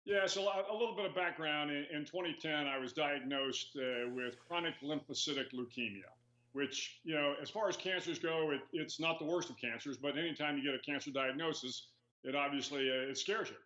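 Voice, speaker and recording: A man in his sixties, a retired admiral, answering interview questions in a measured storytelling way with many "uh"s and "you know"s. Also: a little high, pushed and bright. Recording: echoey lo-fi remote audio.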